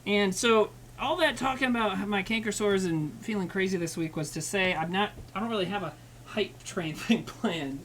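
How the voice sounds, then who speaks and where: A man's voice: high voice, normal speed, a bit bright, slight background noise, low-quality recording. A man chatting casually with his livestream chat while he cooks, rambling and swearing, joking at his own expense. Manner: rambling, profane, self-mocking banter with chat. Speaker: streamer cooking live.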